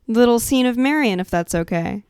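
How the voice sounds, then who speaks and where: A woman's voice: on the high side, expressive, moderate pace, a little mellow, smooth, no echo. A woman narrating as game master of a tabletop game, speaking hesitantly with many fillers. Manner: hesitant, lots of fillers and restarts.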